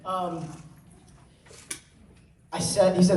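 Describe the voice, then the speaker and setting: A man's voice: high voice, moderate pace, pauses often, darkish tone. Earnest young man in an echoey hall. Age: teens. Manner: earnest storytelling with joking asides. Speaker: student speaker. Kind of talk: personal talk on stage. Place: large hall with audience. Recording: roomy hall sound, mic at a distance.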